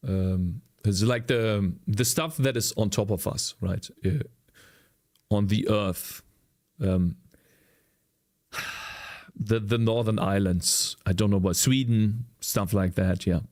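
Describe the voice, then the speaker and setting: A man's voice: fairly low pitch, slow, long pauses, a little mellow. A man with a German accent, a native German speaker, chatting casually with viewers during a live coding stream, rambling and searching for English words. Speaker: streamer and indie game developer.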